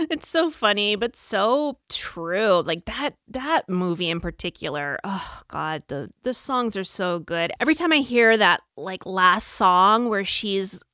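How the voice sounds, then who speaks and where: A woman in her thirties telling a story in casual chat, animated and acting out what others said. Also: medium pitch, slow, no echo, studio quality. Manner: animated storytelling, acts out quotes.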